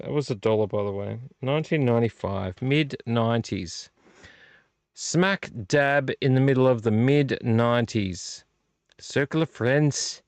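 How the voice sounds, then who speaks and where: A middle-aged man with a gravelly, fry-laden voice chats casually as a vlog host, rambling and thinking aloud. He sounds close to the mic in a dry space with no echo. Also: mid-range voice, a little mellow. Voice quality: rambling, thinks aloud while handling discs. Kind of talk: casual late-night chat. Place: home room.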